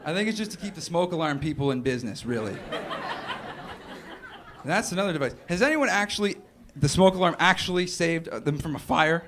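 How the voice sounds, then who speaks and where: A young man works through a stand-up set on a club stage. He rambles in an offhand way, with a voice pitched a little high for a man. The club recording carries plenty of noise behind him. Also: lively intonation, a little fast. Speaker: stand-up comedian. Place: comedy club stage with a laughing audience.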